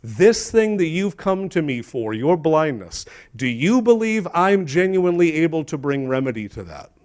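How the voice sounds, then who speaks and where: Middle-aged man, pastor, emphatic sermon delivery, lively pitch swings, church setting. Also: normal speed. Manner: emphatic, asks the congregation questions, shifts between loud and hushed. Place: church sanctuary.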